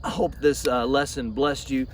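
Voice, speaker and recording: A man, a pastor telling a Bible story in a lively way outdoors in a field. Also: mid-range voice, normal speed, far from the mic, slight background noise. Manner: lively storytelling with repeated restarts.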